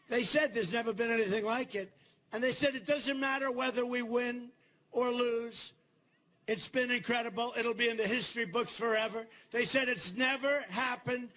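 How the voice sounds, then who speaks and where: High-pitched older man rallying a crowd. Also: fairly even intonation, a little slow, long pauses. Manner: boastful, repetitive, talks to the crowd in asides; shouts slogans to the crowd. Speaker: political candidate. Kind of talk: campaign rally speech. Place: large rally venue.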